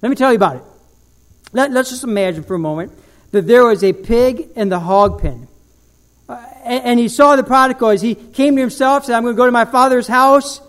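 A man preaching a sermon as pastor, telling an animated story and dropping to a slow, low voice for emphasis.

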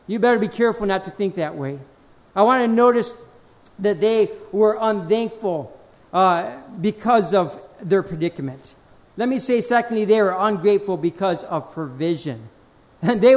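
A man preaching a sermon, reading scripture slowly and with weight, then dropping low to speak directly to the congregation, often repeating phrases. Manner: slows and swells on scripture, drops low on asides.

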